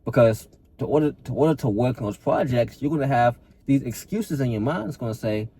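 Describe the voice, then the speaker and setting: Husky-voiced man giving a blunt pep talk. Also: mid-range voice, animated, normal speed, dark tone. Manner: addresses listener as bro. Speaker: fitness coach. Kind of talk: motivational talk to camera.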